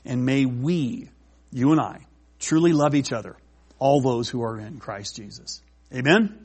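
A man preaching a casual, conversational sermon, slowing to read scripture and often restarting his sentences. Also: medium pitch, darkish tone, breathy edge. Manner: slows down to read scripture aloud. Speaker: pastor.

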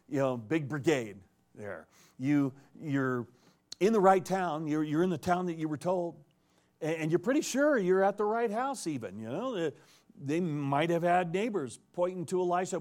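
A man preaching a conversational expository sermon, animated and joking as he reads and retells the text. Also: fairly high pitch.

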